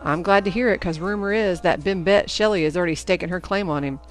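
A woman's voice: on the low side, quick pace, faint music behind, natural voice. A woman voicing a chatty, teasing teenage girl who gossips with her friend, in a storybook reading.

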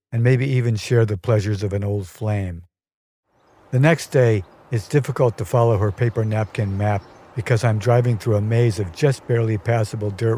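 Low-voiced man narrating a personal story. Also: dark tone, a little hiss or hum. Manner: measured, dryly wry storytelling. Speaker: podcast storyteller.

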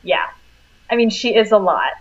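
A woman co-hosting a podcast, chatting casually about a film and quoting its characters in quick asides. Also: mid-range voice, expressive, highs cut off. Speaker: podcast co-host.

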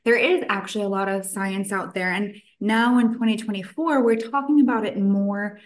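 A woman's voice: medium pitch, moderate pace. A woman nutritionist, a guest on a podcast interview, telling her story in a chatty way with quoted asides. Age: adult, past college.

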